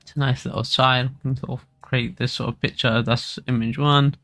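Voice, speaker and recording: Guy with a gravelly voice doing loose live chart commentary, lots of uhs, mid pitch. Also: level tone, moderate pace, a bit bright. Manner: casual, rambling, filler-heavy. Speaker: crypto market analyst. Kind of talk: live stream market commentary.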